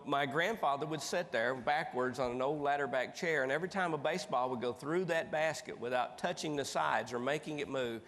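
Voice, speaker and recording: Man, folksy keynote storyteller, mid-pitched voice, long hall reverb. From East Tennessee. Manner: folksy, animated storyteller with big pitch jumps. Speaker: motivational speaker. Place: large conference hall stage.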